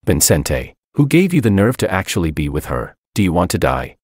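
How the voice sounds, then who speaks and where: A man's voice: low-pitched, very animated, a little fast, a little mellow, breathy edge, no room sound, studio quality, heavily acted. A man voicing a menacing, jealous young heiress who makes threats over the phone in an audiobook story. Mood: threatening.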